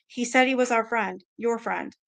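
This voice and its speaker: A woman's voice: on the high side, normal speed, fairly bright tone. A woman reading aloud the lines of a frightened, pleading young girl in an earnest read-aloud delivery. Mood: distressed.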